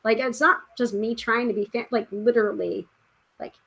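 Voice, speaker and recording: A woman's voice: a little high, steady tone, normal speed, fairly bright tone. A woman hosting a tarot podcast live stream, chatting casually and reading out viewer comments. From United States. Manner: chatty, reads out viewer comments, frequent fillers.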